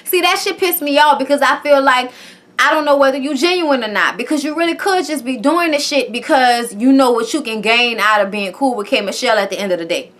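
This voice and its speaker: Bright-voiced woman gossiping about TV. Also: high voice, brisk. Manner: profane, chatty, tags lines with "okay?". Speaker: TV show reviewer. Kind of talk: casual reality-show recap.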